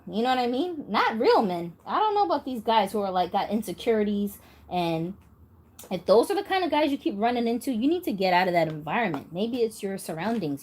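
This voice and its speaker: A woman from New York who hosts a doll channel, talking bluntly and casually to her viewers and laughing often. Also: medium pitch.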